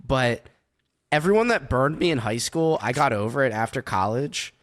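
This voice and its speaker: A man's voice: mid-range voice, expressive, normal speed. Wry man in his thirties hosting. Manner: wry, chiding, self-deprecating. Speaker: podcast host. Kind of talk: casual chat.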